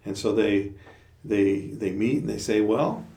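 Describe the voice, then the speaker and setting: A man tells a traditional tale in a relaxed, halting voice full of fillers. His voice sits low with plenty of gravel. He is picked up from a distance in a roomy space. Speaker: storyteller. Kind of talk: oral storytelling.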